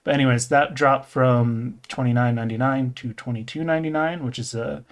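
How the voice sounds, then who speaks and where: A man's voice: medium pitch, fairly even intonation, a little fast. A man co-hosting a casual podcast, rambling and correcting himself, laughing often and swearing casually. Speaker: podcast co-host. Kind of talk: casual gaming podcast chat.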